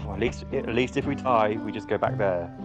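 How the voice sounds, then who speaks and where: A woman's voice: very deep voice, brisk. A woman playing a co-op game with a friend, giggly and chatty. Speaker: co-op gaming partner. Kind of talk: casual co-op gameplay chat. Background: game music.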